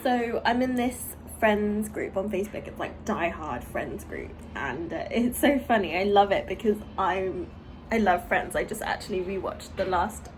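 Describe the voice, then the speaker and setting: A woman's voice: medium pitch, lively intonation, normal speed, a little hiss or hum, rough recording. A young British woman vlogging at home, telling rambling stories in a chatty way with lots of fillers. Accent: British English. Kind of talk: casual chat vlog. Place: home, on a balcony.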